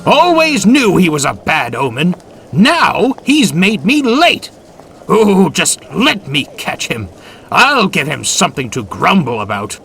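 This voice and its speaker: A man's voice: mid-range voice, very animated, measured pace, few pauses, fairly bright tone, far from the mic, slight background noise, voice pushed up. A man voicing a grand, boastful old male express engine with a pompous, blustering manner. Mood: indignant.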